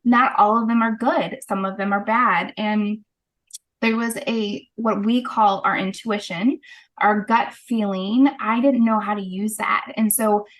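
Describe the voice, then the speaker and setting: Woman, podcast guest, lively storyteller, quick and animated, mid-range voice. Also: mid-range voice. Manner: animated storyteller, brisk with frequent laughs. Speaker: guest, holistic practitioner. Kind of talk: casual interview storytelling.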